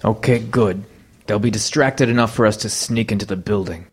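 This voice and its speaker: An actor playing a cautious, level-headed partner on a stakeout. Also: male voice, on the low side, moderate pace, breathy edge.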